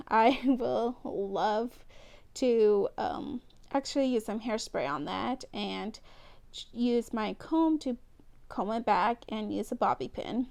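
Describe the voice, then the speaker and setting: A woman's voice: on the high side, creaky, darkish tone. Giggly young woman chatting through a hair tutorial. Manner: chatty, giggly, self-teasing. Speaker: beauty vlogger.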